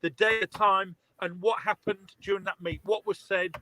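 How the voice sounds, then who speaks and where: A man's voice: high voice, fairly even intonation, normal speed, bright, forceful tone, low-quality recording. A man, a guest author and artist in a casual chat, emphatic and enthusiastic and prone to repeating words.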